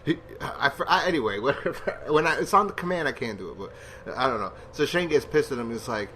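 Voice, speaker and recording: A man talks casually through a TV episode review, rambling and poking fun at himself. His voice is bright and forceful at an ordinary middle pitch. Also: lively intonation, quick pace, slight background noise. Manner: rambling, self-deprecating, jokey.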